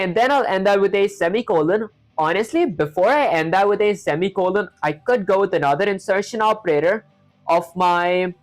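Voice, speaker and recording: A woman with an accent hosting a live coding stream, talking through her code step by step and greeting viewers. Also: on the low side. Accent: non-native English accent. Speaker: coding livestream host. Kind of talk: live coding tutorial, thinking aloud.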